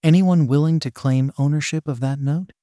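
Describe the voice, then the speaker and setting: A man's voice: on the high side, normal speed, mellow, dry recording, clean studio sound, close to an everyday voice. A man voicing a stern, tired male teacher who gives short, no-nonsense orders.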